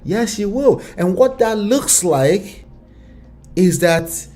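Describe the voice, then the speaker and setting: A man's voice: high voice, lively intonation, slow pace, warm tone. A man with a Nigerian accent giving casual relationship commentary, firing off rhetorical questions.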